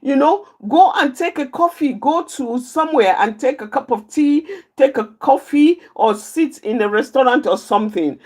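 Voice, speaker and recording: A woman's voice: sits high, expressive, moderate pace, a little mellow, husky. A woman giving a live teaching talk on managing anger, repeating key phrases emphatically and pointing out positions with her hands.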